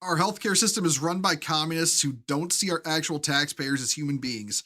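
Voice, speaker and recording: A man's voice: on the high side, bright, forceful tone. A man hosting a live stream, ranting with heavy profanity and frequent restarts. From United States. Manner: profane, heated, halting restarts.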